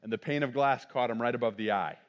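A man's voice: medium pitch, fast, muffled recording. Middle-aged man preaching a story. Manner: conversational, frequent "right?" asides. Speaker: pastor. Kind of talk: sermon with personal story.

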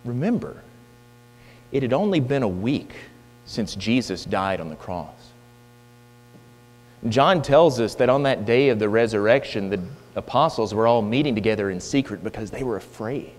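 A man's voice: mid-range voice, expressive, normal speed. A man preaching a sermon, emphatic and full of rhetorical questions, in a church hall. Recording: long hall reverb with mains hum.

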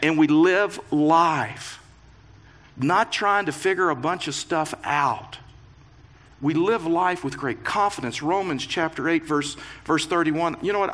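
A man preaches to his congregation, reading scripture aloud and then unpacking it with earnest, building emphasis. His voice is fairly high and forcefully bright, and he breaks in with light joking asides between the serious points. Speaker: pastor. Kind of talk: sermon.

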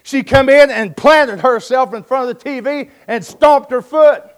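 High-voiced preacher man. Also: moderate pace. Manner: emphatic, folksy storytelling with jokes. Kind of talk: sermon.

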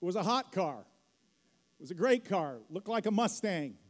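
Middle-aged pastor guy telling a story in a sermon, high voice, big church echo. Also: sing-song, moderate pace. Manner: storytelling, rising to emphatic peaks. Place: church hall. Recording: long hall reverb.

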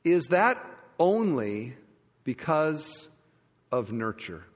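A man's voice: big pitch swings, very slow. Preaching man in a reverberant church hall. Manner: emphatic preaching, from loud rises to hushed low endings. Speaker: pastor. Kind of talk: sermon.

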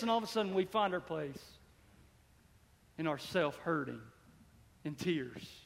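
A man preaching a sermon as pastor, swelling loud and dropping low as he reads and explains scripture. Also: normal speed, vocal fry, pauses often. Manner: preaching with sudden swells and drops in volume. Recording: long hall reverb.

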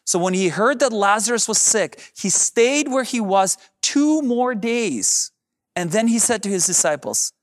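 A man's voice: high voice, expressive, measured pace. A man preaching a sermon as pastor, addressing the congregation directly and drawing out key phrases for emphasis.

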